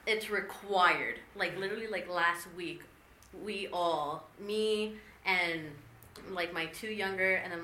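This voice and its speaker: A woman's voice: medium pitch, sharp tone. A young woman telling a story in casual group chat, chatty and full of fillers. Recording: echoey room, faint noise.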